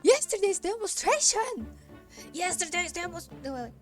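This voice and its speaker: A woman voicing an excitable, eccentric male mad scientist in a put-on German accent, stammering and exclaiming loudly, over game music. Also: extremely high pitch, moderate pace, voice pushed up. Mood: excited. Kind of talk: voicing game dialogue on a stream.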